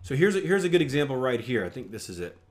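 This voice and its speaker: A man teaching trading in a relaxed, chatty way, walking through his results. His pitch sits at a middling level for a man. He keeps checking in with "right?" and adds teasing, boastful remarks along the way. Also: fast talker. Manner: conversational, repeats words, asks "right?" often; playful boastful asides. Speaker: trading instructor. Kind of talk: screen-share trading lesson.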